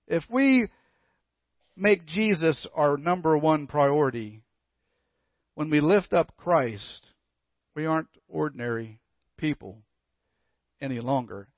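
Slow, emphatic male preacher. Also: on the high side, animated, no echo, muffled recording. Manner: emphatic, with rhetorical questions and dramatic pauses. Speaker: pastor. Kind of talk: sermon.

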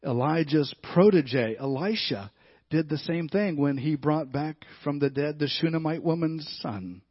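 Man, pastor, husky voice, storytelling sermon, loud-to-hushed swings, dry muffled recording. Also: a little high, lively intonation, measured pace, no echo. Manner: storytelling, swinging between loud emphatic and quiet hushed delivery.

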